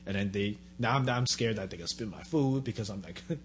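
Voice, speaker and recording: A man's voice: fairly low pitch, fast talker, a little hiss or hum. A man chatting casually, telling an anecdote and acting out the voices of people in it. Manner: animated, acts out quoted exchanges. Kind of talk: casual chat, storytelling.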